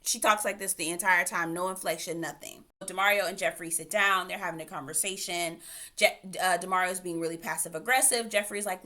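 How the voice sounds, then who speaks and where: A woman's voice: on the low side, fairly even intonation, a little fast, bright, forceful tone. A woman giving a casual, opinionated recap of a reality dating show, with sassy asides. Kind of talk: casual recap and commentary vlog.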